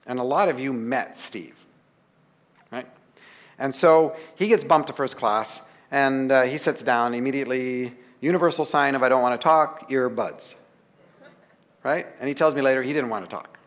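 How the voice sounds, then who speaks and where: Chatty storytelling man, mid-pitched voice. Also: moderate pace, in a large hall. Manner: lively, chatty storytelling with laughs and acted-out dialogue. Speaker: author giving a talk. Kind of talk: storytelling anecdote to a live audience.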